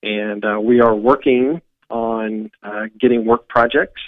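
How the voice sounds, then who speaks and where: A man's voice: on the low side, fairly even intonation, a little slow, dry recording. A man speaking as a community services director in a radio phone interview, hesitant with many fillers. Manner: hesitant, many ums and uhs. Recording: tinny phone line.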